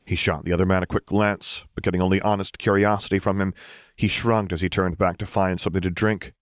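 A man narrating a serialized fan fiction story in a steady, even reading voice. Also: low-pitched, fairly quick, no room sound, studio quality. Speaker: audiobook reader.

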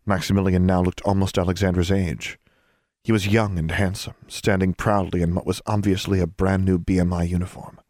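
Man narrating a story, deep voice, dry close sound, steady pace. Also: fairly quick, no echo. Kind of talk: audiobook narration of fan fiction.

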